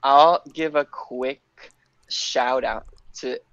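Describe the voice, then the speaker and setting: A calm, measured podcast co-host chatting over a video call with slightly muffled audio. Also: mid-range voice, dry recording. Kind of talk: casual chat on a video call.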